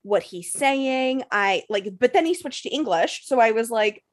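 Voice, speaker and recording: A woman's voice: on the high side, animated, normal speed. A young woman telling a story in a casual chat, swearing freely and filling her talk with "like". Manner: profane, breathless storytelling full of "like" fillers.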